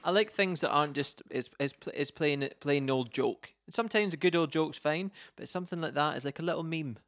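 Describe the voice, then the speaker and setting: A man's voice: a little high, fairly quick, fairly bright tone, no echo. Man, podcast host, casual chat, rambles, restarts his sentences, dry close sound. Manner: rambling, self-interrupting.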